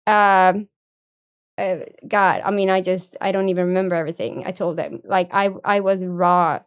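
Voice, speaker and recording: A woman's voice: medium pitch, normal speed, clean tone. A young woman streamer, telling a story in a rambling, casual way and swearing freely. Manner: rambling, profane, laughs often.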